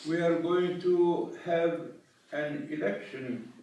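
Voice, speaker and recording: Slow-speaking male preacher in echoing hall. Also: on the high side, recorded from a distance, muffled recording. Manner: slow, measured delivery with long pauses. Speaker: preacher giving the Friday sermon. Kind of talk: sermon with storytelling. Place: large prayer hall. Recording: echoey hall, voice from afar.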